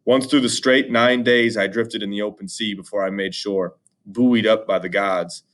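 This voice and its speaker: A man reading an old epic poem aloud in a plain, steady manner. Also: fairly low pitch, moderate pace. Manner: plain steady reading, slangy when explaining. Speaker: reader and explainer of an epic poem. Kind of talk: reading aloud with casual explanation.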